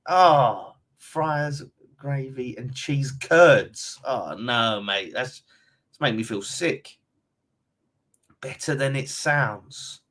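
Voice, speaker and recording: With a London-Essex accent, a man hosts a casual fan live stream, bluntly reading viewer comments aloud and calling everyone mate. His mid-range, fairly bright voice is animated, and he speaks extremely slowly.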